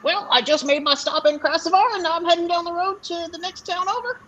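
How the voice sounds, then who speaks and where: A woman's voice: very high voice, fast, fairly bright tone, a little hiss or hum, voice pushed up, low-quality recording. A woman voicing a cheerful small male goblin peddler, chirpy and chatty, in a tabletop role-play.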